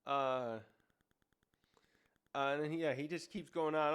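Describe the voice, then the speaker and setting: A man's voice: fairly high pitch, steady tone, unhurried, long pauses, fairly bright tone, clean tone. A man casually reviewing a comic chapter, rambling with many restarts and fillers. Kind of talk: casual commentary.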